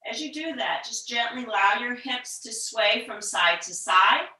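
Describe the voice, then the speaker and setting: A woman teaching a yoga class, talking slowly and gently, sometimes dropping to a whisper to show the breath. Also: fairly high pitch, expressive, recorded from a distance. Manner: slow, gentle guiding with soft whispered breath demos. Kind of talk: guided yoga instruction. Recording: echoey room, voice from off-mic.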